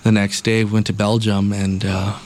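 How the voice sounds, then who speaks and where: A man's voice: on the low side, level tone, normal speed, darkish tone, slight background noise. A man telling a long, rambling travel story in casual podcast chat, swearing heavily and acting out what people said. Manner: rambling, heavy swearing, acts out quotes.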